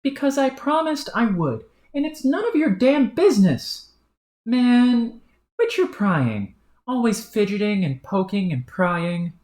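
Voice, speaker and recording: A woman's voice: medium pitch, sing-song, unhurried, pitched above the performer's own voice. A woman voicing a bratty, scheming young female troll who talks in a smug, bossy, sarcastic way, in a roomy-sounding recording. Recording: roomy echo.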